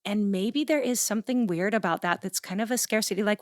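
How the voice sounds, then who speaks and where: A woman's voice: medium pitch, fairly quick, dry recording, studio quality. A woman in her forties hosting a podcast, chatting casually and telling stories from her own home. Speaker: podcast host.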